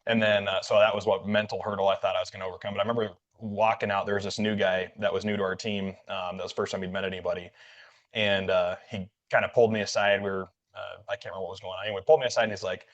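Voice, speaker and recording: A man's voice: low voice, flat delivery, rapid-fire. A man hosting a podcast, telling a story in a loose, rambling way full of fillers and acted-out quotes. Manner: rambling, filler-heavy, acts out quoted dialogue. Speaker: podcast host. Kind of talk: casual storytelling chat. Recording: dull lo-fi audio.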